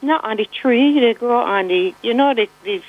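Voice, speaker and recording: A woman's voice: fairly high pitch, normal speed. A woman in her sixties with a Barbadian accent, calling in to a radio show, chatty and giggly. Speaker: caller. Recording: dull phone line.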